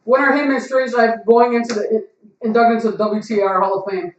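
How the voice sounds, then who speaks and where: A man's voice: extremely high pitch, brisk, lo-fi sound, crowd noise. A man co-hosting a podcast who reads out chat messages and jokes with his friends. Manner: lively, reads out chat messages, laughs a lot. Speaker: podcast co-host. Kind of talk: casual chat. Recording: echoey room, distant mic, background hiss.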